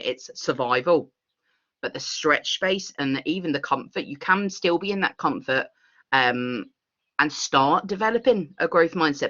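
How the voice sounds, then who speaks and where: A woman's voice: low voice, a bit bright, highs cut off. A woman leading an online workshop Q&A, enthusiastic and rambling, laughing often. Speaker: workshop facilitator.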